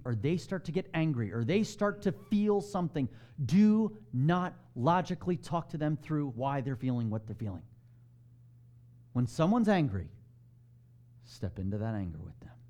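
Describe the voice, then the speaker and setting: A man preaching a sermon, animated and emphatic, asking the congregation direct questions and dropping to a hush on key lines. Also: fairly high pitch. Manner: swings between loud emphasis and hushed softness. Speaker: pastor.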